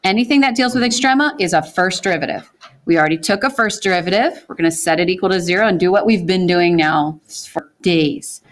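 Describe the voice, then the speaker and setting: A woman teaching a math class in a classroom, walking students through problems and asking them questions as she goes. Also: lowish voice. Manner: brisk, asks the class questions and answers them.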